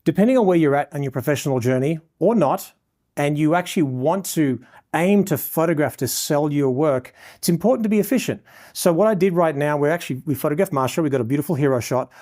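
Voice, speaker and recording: A man's voice: fairly high pitch, animated, fast talker, darkish tone. A man with an Australian accent teaching a portrait lighting lesson as he shoots, praising the model and explaining each setting to viewers. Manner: effusive, showering the model with praise. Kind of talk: live instruction while shooting a portrait session.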